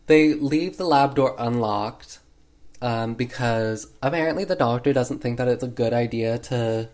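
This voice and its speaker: A man retelling an old film in a casual, sarcastic way, full of 'like' fillers. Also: medium pitch. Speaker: movie recap host. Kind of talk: casual movie recap.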